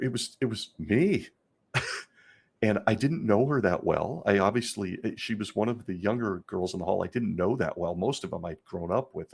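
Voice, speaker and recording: Husky-voiced middle-aged man telling a story. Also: lowish voice. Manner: earnest, candid, talks straight to listeners as "folks". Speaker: former congregation elder, show host. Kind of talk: personal storytelling monologue.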